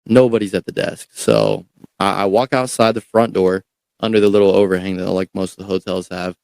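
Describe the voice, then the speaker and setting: A young man recounts a story as a podcast guest, talking casually and swearing freely. His voice sits on the low side, and the recording is dry and close with no room sound. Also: a little fast, gravelly, no room sound. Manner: animated, profane, repeats words.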